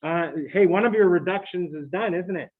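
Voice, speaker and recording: This recorded chemistry lecture features a man with a high-sitting voice talking at a normal speed. He chats casually with his students and cracks jokes along the way, though the audio is thin and phone-like.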